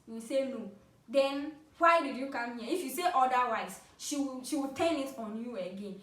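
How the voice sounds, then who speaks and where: A Ghanaian woman in her twenties telling funny personal stories to camera in a playful, animated way, laughing often. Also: sits high, moderate pace. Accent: Ghanaian English. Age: 20s. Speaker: vlogger. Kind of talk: casual storytelling to camera. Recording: roomy, from a distance.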